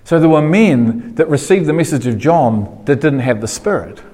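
A man preaching a sermon to a congregation, asking questions and repeating phrases, getting louder and higher when he gets going. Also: normal speed, in a large hall. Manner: animated preaching, rising in pitch when fired up.

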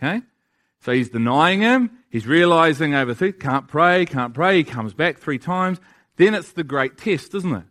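Male preacher, high pitch, emphatic sermon delivery that keeps asking the listeners questions. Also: sing-song, moderate pace, fairly bright tone. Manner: emphatic, asks the audience rhetorical questions.

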